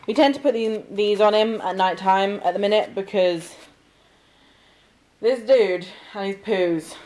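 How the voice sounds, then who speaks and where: A young mother and family vlogger from Cheshire, England, chats to camera at home while feeding her son, coaxing him to chew in baby talk between asides to viewers. Her mid-range voice has a darkish tone and a measured pace. The low-quality recording carries a little hiss or hum.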